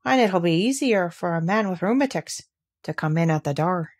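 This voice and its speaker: A woman's voice: lowish voice, lively intonation, moderate pace. A woman doing a grumpy old Yorkshire gardener. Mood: gruff. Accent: Yorkshire dialect. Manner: gruff, stubborn, dialect-heavy.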